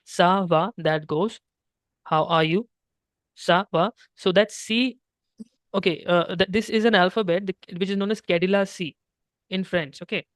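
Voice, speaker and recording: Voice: mid-range voice, no room sound, studio quality. Patient teacher. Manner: patient, explains step by step, keeps checking with "okay". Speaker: French teacher. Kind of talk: one-on-one language lesson.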